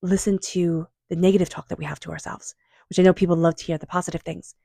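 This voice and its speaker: A woman doing a tarot reading, speaking in a calm, unhurried, affirming way and softly repeating invocations. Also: lowish voice, gravelly, no room sound. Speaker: tarot reader. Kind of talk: tarot card reading monologue.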